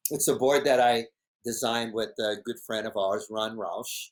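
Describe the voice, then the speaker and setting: A man's voice: lowish voice, a little slow. Laughing man telling stories. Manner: animated, laughs often, acts out quotes. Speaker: podcast guest, big wave surfer. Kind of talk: casual storytelling interview.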